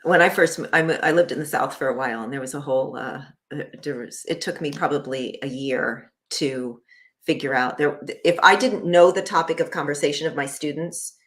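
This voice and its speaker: A woman who teaches, speaking thoughtfully in a casual conversation and trailing off softly. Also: low-pitched, a little fast.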